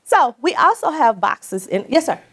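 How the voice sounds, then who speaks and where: A woman's voice: high voice, moderate pace. A woman from Mississippi presenting an interactive workshop in a conference breakout room, telling stories and laughing with the group. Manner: animated, laughing, storytelling.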